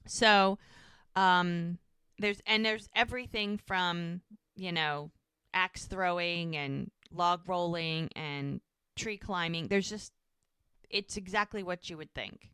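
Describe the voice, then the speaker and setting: Female podcast co-host, chatty recapper, bright clear voice, dry close mic. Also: lowish voice, dry recording. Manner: animated, quotes characters in quick bits, chatty asides. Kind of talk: casual chat, retelling scenes.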